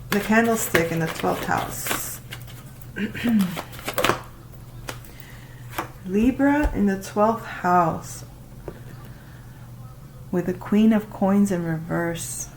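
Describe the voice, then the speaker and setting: A woman doing a casual tarot reading, talking to the listener and reacting out loud with exclamations as she turns the cards. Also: mid-range voice, extremely slow, pauses often, noisy background. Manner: chatty, exclaims and laughs while reading cards. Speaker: tarot reader.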